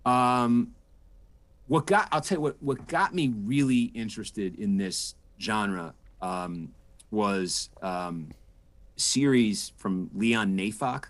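A man's voice: lowish voice, slow. A man in his forties, a political correspondent, giving thoughtful interview answers with frequent restarts and fillers. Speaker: political correspondent and podcast host, guest.

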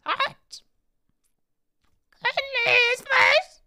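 Toad, shrill and squeaky. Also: female voice, fairly even intonation, very slow, pushed and bright, dry recording, heavily acted. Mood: strained squeaky. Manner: squeaky strained screaming voice. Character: tiny shrill mushroom retainer, excitable. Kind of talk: game-stream voice play.

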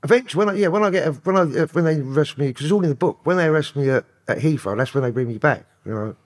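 Husky London man telling rough stories. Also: on the high side, animated, very fast. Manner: profane, rambling street talk. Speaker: podcast guest. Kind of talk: casual storytelling interview.

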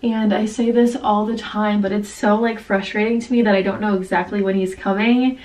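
A woman's voice: mid-range voice, fairly even intonation, normal speed, darkish tone, recorded from a distance, rough recording. Breathless pregnant young woman vlogging. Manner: chatty, filler-heavy, laughs often. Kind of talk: casual vlog chat.

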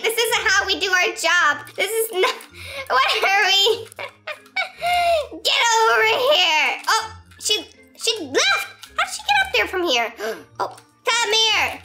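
A high-pitched, bright-toned woman narrates her game role-play in an excitable, giggly way, often breaking into shrieks. She talks into a desk mic while faint game music plays underneath. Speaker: gaming YouTuber. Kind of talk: role-play gameplay commentary.

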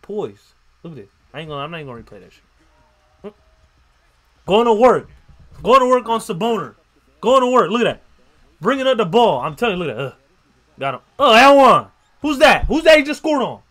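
A young man hosting a casual basketball reaction video, excitable and slangy, swearing and breaking into loud outbursts. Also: high voice, a little fast, pauses often. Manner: slangy, repeats catchphrases. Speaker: YouTube reaction host.

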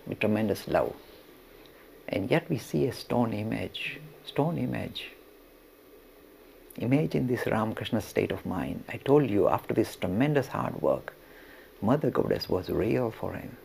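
Animated, gravelly male religion teacher. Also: mid-range voice, slight background noise. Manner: animated, chuckles while telling. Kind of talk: storytelling lecture.

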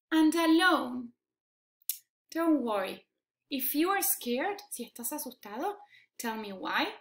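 Teacher lady reading a kids story, high bright voice, slow and playful, echoey room. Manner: slow and animated, repeating lines in Spanish. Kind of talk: storytelling for young children.

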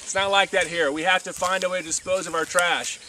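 A man's voice: high-pitched, fairly even intonation, brisk, pushed and bright, slight background noise. A man explaining things plainly as he leads a walking tour of an outdoor rural site. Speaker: mission worker giving a site tour.

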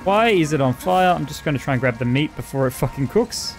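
A man's voice: a little high, lively intonation, fairly quick, faint music behind. A man with an Australian accent doing casual, profane let's-play commentary and talking back to the game's characters. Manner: casual, swears freely, chats to the game characters. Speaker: gaming host.

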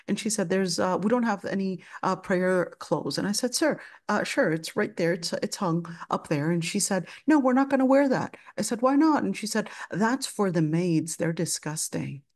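With a fairly low pitch and a darkish tone, a woman recounts a personal story to her Islamic studies class. She tells it with passion, voicing both people in the exchange as she quotes their dialogue.

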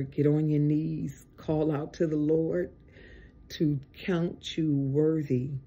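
An online preacher giving an informal video sermon, tired and exasperated, with drawn-out, emphatic exhortations. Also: mid-range voice, warm tone, husky, lo-fi sound.

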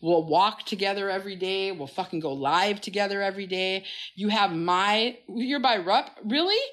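A woman's voice: mid-range voice, moderate pace. A middle-aged woman coaching and telling stories on a phone live stream, blunt and profane. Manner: blunt, profane, animated storyteller. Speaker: health coach. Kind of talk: casual TikTok live chat.

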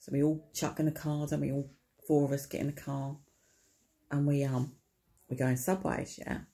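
A woman's voice: very deep voice, little pitch movement, moderate pace, warm tone. A woman tells a rambling comic story to camera, chatty and wry, swearing casually and peppering it with tag questions. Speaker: vlogger.

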